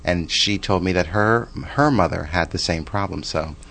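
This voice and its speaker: A man's voice: deep voice, moderate pace, gravelly, fairly bright tone. A man in his forties telling a personal story in a chatty, rambling way, with restarts and side remarks. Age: 40s.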